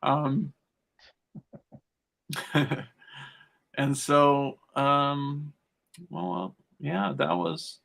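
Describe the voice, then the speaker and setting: Gravelly man rambling through a story. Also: a little high, fairly even intonation, drawn-out words, long pauses, a bit bright. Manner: rambling storytelling, laughs often between phrases. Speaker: podcast guest. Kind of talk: casual chat.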